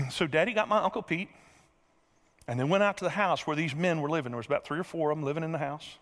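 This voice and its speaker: A middle-aged man preaching a sermon, telling a folksy story and acting out the scenes with lively energy. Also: fairly high pitch, fast. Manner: folksy, animated storyteller who acts out scenes. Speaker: pastor. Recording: reverberant large hall.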